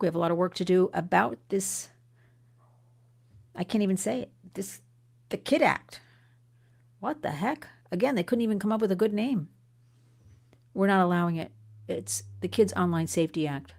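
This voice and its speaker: A middle-aged woman from the United States hosting an advocacy livestream, talking urgently and earnestly to viewers, often restarting and swinging up in pitch. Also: darkish tone. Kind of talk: impassioned livestream address to viewers.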